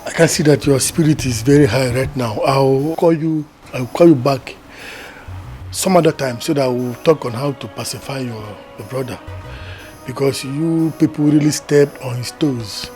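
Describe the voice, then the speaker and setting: A man playing a calm pleading pastor. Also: medium pitch, faint music behind, close to an everyday voice. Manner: pleading, measured counsel. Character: calm, persuasive male pastor.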